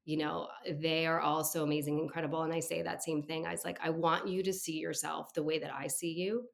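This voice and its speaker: A woman's voice: low voice, little pitch movement, brisk, gravelly. A woman in her thirties, a therapist, talking in a casual, reflective interview with lots of fillers. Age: 30s. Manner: warm, reflective, chatty with fillers. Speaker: therapist and podcast guest.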